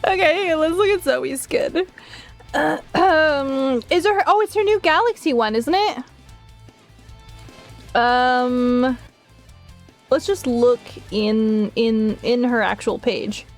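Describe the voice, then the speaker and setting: A young woman streaming live, chatting casually to her viewers, giggly and gushing, swearing now and then while she thinks out loud. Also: high voice, slow, pauses often, faint music behind. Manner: thinks aloud while searching on her computer. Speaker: art streamer.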